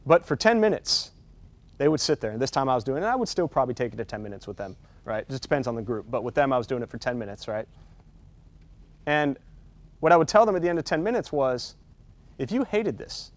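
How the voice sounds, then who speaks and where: A man's voice: a little high, no echo. A man leading a meditation teacher-training workshop, talking casually and often checking in with "right?" as he builds up to his points. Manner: conversational, keeps asking "right?", builds intensity on key points.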